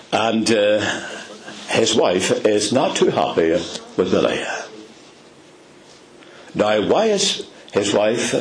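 Older preacher with a swooping voice. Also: male voice, on the low side, poor audio. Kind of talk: sermon.

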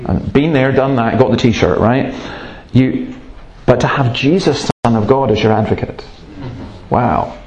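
A man's voice: medium pitch, a little slow, a little mellow, lo-fi sound. A man preaching a sermon in an earnest, emphatic way, breaking off to tell stories. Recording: roomy, echoey room sound.

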